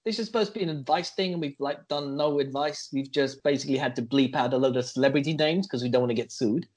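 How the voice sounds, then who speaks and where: A man's voice: medium pitch, fast, a little mellow. A man co-hosting a casual podcast, teasing his partner in a playful way. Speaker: podcast co-host.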